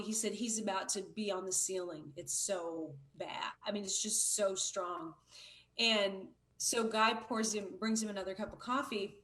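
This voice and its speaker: A middle-aged woman talking as a guest on a livestream, telling stories in a chatty, relaxed way. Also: medium pitch. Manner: chatty storyteller. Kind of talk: casual conversation.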